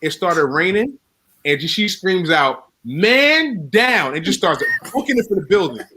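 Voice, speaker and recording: A man co-hosting a casual podcast chat, telling stories with laughter and quick restarts. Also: on the high side, expressive, background noise. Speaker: podcast co-host.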